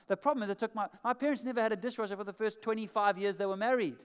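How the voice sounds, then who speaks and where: A man preaching a sermon as pastor, animated and emphatic, often repeating key phrases. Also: high-pitched, rapid-fire, smooth. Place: church hall.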